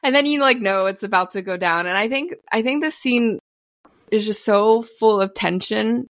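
A woman co-hosting a podcast in casual chat, animated, acting out quotes from a film. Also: medium pitch, normal speed, no room sound, studio quality. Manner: animated, acts out quotes, laughs often. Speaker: podcast co-host.

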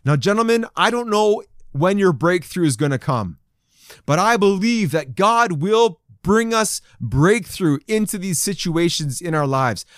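A man preaching a sermon to a men's group, reading scripture and acting out the people's voices with lively emphasis. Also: high-pitched, unhurried, dry recording, clean studio sound. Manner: animated, acts out crowd voices in quotes. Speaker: pastor. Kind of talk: sermon to men.

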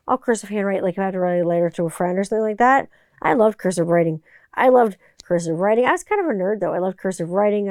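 A woman's voice: mid-range voice, a little mellow, clear, resonant tone, dry recording, clean studio sound. A woman hosting a podcast in a casual, rambling monologue, full of "like" and "you know.". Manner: rambling, filler-heavy. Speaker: podcast host.

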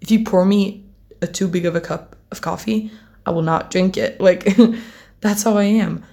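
A woman's voice: lowish voice, steady tone, normal speed, gravelly, dark tone. A teenage girl chatting casually to camera as a vlogger, rambling, giggling often and swearing offhandedly. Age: teens.

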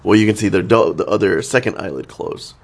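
Low and creaky, this thirty-something man's voice moves briskly. He co-hosts a podcast, keeping the casual chat laid-back and rambling, with frequent laughter.

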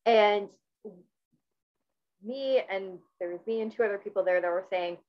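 A woman's voice: mid-range voice, measured pace. Woman from Canada, interviewer, earnest, rambling, dull audio. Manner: earnest, rambling, many restarts. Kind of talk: casual interview.

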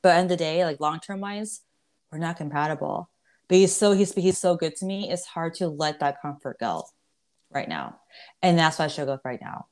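A woman's voice: low-pitched, expressive, normal speed. A woman in her twenties hosting a podcast, chatting candidly with lots of swearing, restarts and laughter. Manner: candid, profane, laughs often, many restarts. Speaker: podcast host. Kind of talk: casual chat.

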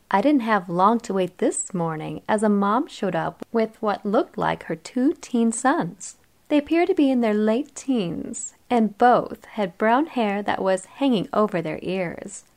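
A woman reading a first-person story aloud in a cheerful, playful and teasing manner. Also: medium pitch. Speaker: narrator.

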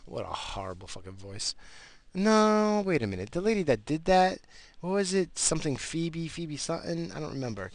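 A man's voice: fairly high pitch, sing-song, brisk, darkish tone, dry recording. A middle-aged man rambling and grumbling profanely in a casual radio monologue while driving. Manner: profane, grumbling, easily aggravated. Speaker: radio show host.

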